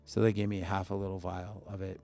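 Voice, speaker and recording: A man with a very deep, gravelly voice tells a personal story as a guest in a podcast studio. He talks in short bursts, acting out the lines of the people in his story, and his rough low tone sits close to a studio mic. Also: little pitch movement, fast, mellow, soft background music. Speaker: musician guest. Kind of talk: emotional personal storytelling in an interview.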